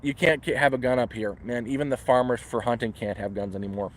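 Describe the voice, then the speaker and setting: A man's voice: medium pitch, steady tone, quick pace. Canadian man, live vlog in the woods, rambly storyteller. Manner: rambling, restarts often, acts out voices in quotes. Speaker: livestreamer. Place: outdoors in the woods.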